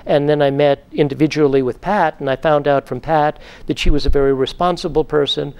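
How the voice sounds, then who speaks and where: A man's voice: on the high side, fairly quick, gravelly, darkish tone, clean tone. A middle-aged male psychotherapist giving a lecture, telling clinical case stories and acting out stern lines in a raised voice.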